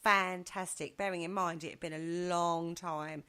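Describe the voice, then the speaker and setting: Woman, low and bright voice, chatty studio guest who acts out quotes. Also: steady tone, moderate pace. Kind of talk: casual radio chat. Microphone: studio microphone.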